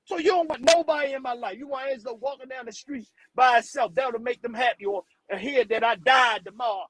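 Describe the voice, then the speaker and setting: High-voiced man ranting on a live stream. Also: fairly quick, hardly any pauses, background noise. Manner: profane, blunt, repeats words when riled. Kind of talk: heated livestream rant.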